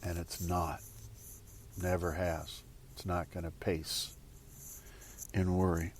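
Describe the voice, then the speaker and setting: A man's voice: sits low, level tone, takes it slowly, slight background noise. A man giving a casual motivational talk to viewers, rambling and repeating phrases as he goes. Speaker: spiritual speaker.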